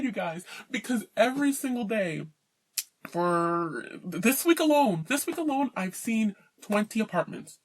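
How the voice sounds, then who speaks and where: A woman's voice: mid-range voice, animated, unhurried. A woman giving an indignant, emphatic personal rant to camera, worn out and mocking the people she talks about. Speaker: vlogger.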